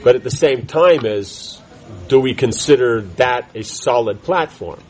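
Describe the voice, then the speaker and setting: With a darkish, medium-pitched voice, this man leads a scripture class in a conversational style, frequently breaking off to restart sentences and tossing in "right?" again and again. The audio quality is poor.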